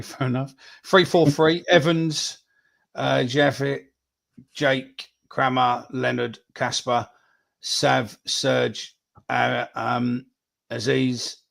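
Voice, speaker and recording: A gravelly-voiced man hosts a live podcast. He chats casually and swears freely as he reads out viewers' score predictions, speaking at an average pitch. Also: fairly bright tone. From England. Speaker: podcast host.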